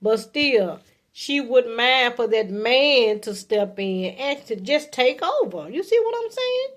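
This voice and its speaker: A woman in her fifties shares relationship pointers in a casual, homespun way, tagging okay onto her points. Her voice sits a little high and moves a lot, jumping up when she plays out what a man should say. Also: big pitch swings, slow. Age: 50s. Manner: chatty and folksy, often adding okay, acts out sweet lines to a partner in a high voice. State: coughing from allergies. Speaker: vlogger giving relationship advice. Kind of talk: casual advice talk to camera.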